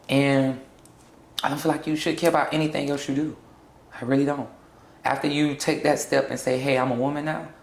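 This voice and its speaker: Sassy, gravelly-voiced woman, roomy echo. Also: a bass voice. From South Florida. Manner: blunt, sassy, laughs often. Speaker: interview guest. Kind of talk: candid sit-down interview.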